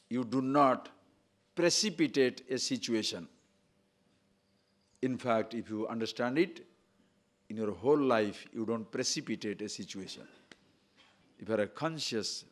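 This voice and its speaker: An older man, giving a spiritual discourse full of rhetorical questions and repeated words, his pitch and loudness rising and falling widely. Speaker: spiritual teacher.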